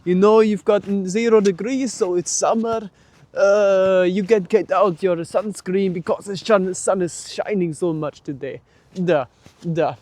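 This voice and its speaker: A man's voice: high-pitched, fairly even intonation, measured pace, a little mellow, no room sound. A man putting on a joking mock Russian accent to play a boastful, proud Soviet patriot. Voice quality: hammy, over-the-top patriotic.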